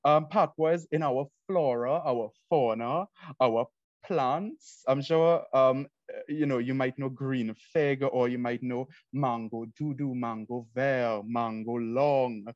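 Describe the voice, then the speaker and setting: A man's voice: medium pitch, takes it slowly, no echo, lo-fi sound. Earnest young Trinidadian man presenting. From Trinidad and Tobago. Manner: earnest, explanatory. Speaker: student presenter. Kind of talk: academic presentation.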